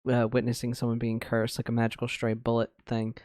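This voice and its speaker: A woman's voice: extremely low pitch, monotone, brisk, a little mellow, dry recording, clean studio sound. A woman co-hosting a podcast, easygoing in casual chat and laughing along. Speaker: podcast co-host.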